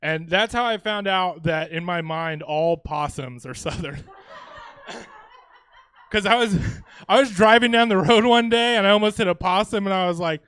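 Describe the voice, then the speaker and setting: A man's voice: sits high, moderate pace, a bit bright, clear, resonant tone. A man from Louisiana doing a stand-up comedy set on a comedy theater stage, talking casually with swearing and chuckling asides.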